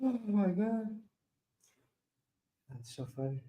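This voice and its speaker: Giggly high-voiced man reading chat. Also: very animated, slow pace, warm tone, a little hiss or hum. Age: 50s. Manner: laughing often, delighted, reading comments aloud. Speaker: streamer reading chat comments. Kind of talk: casual live-stream chat.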